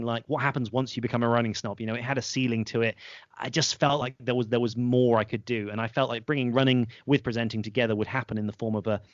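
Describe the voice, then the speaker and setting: Fast-talking posh English young man. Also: medium pitch, no room sound. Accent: posh southern English. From England. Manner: brisk, lively storyteller who acts out quoted voices. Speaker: podcast host as interview guest. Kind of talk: casual interview chat. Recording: slightly muffled, dry close sound.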